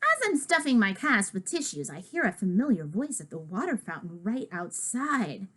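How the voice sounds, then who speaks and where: A woman's voice: medium pitch, very animated, moderate pace, fairly bright tone. A woman reading a children's book aloud in a playful first-person child's voice.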